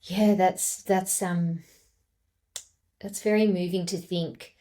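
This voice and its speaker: Reflective low-voiced woman host. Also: steady tone, slow. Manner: reflective, warm listener, many affirming murmurs. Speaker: podcast host. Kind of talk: podcast interview.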